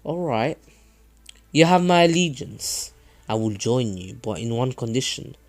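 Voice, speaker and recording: A man voicing a veteran male spymaster who talks in a slow, formal, posh way, with faint music behind. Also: mid-range voice, animated, lightly acted.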